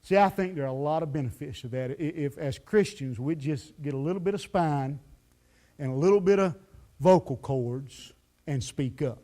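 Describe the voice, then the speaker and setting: A man preaching a sermon as pastor, telling the story in a lively, folksy way full of "you know" fillers. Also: a little high, normal speed. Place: church sanctuary.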